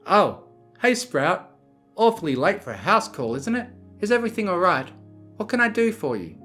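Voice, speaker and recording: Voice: medium pitch, very animated, normal speed, a bit bright, soft background music, voice pushed up. A narrator voicing a friendly, cheerful young female pony who speaks in a welcoming way.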